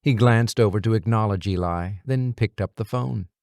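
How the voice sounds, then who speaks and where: A man narrating an audiobook in a lively, expressive storytelling manner on a close studio mic. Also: lowish voice, moderate pace, gravelly, no room sound. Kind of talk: scripted narration.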